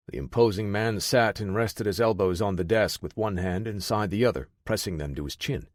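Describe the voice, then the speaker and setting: A man narrating an audiobook thriller in a steady, measured way. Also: on the low side, no room sound, studio quality.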